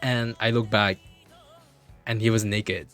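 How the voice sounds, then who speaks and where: A man livestreaming from his computer, telling a story in an animated way, repeating himself and swearing freely. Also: on the low side, unhurried, faint music behind.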